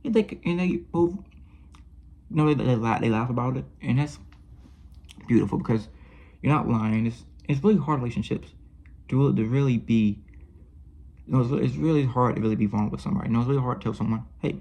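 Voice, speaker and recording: Mellow, husky man rambling about films. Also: mid-range voice, quick pace, pauses often. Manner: rambling and effusive, with many restarts and self-corrections. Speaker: film reviewer. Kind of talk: casual film review monologue.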